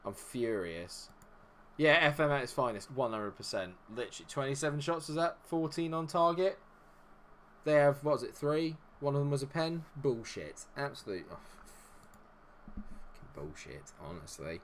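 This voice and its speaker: Streaming a football management game, a man swears freely and groans at the match while chatting with his audience. He sounds exasperated and expressive, his voice fairly high and a little fast, with slight background noise in this live gameplay commentary.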